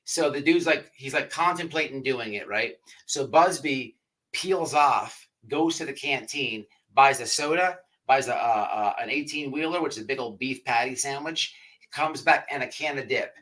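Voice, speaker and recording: A man's voice: medium pitch, moderate pace, a bit bright, rough recording. Man telling a rambling story. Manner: rambling, repeats himself, swears often. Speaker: podcast host. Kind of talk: casual storytelling on a livestream.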